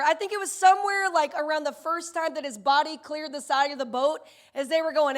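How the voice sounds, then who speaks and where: A woman in her thirties with a high voice preaches a sermon. She tells her stories in an animated way and slips into the voices of the characters. Her delivery stays lively and conversational. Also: a little fast, hardly any pauses. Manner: animated storytelling, acting out voices. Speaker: pastor.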